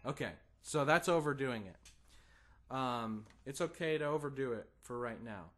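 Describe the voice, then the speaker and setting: A guitar teacher with a medium-pitched voice speaks unhurriedly, patient and encouraging with his student. He counts the student in and sings the strumming rhythms as simple syllables, putting stress on certain beats.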